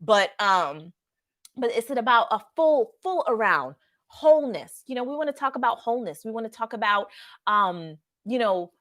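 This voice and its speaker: A woman's voice: on the high side, fairly bright tone. A woman, chatting casually and laughing with her viewers. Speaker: vlogger. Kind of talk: casual chat.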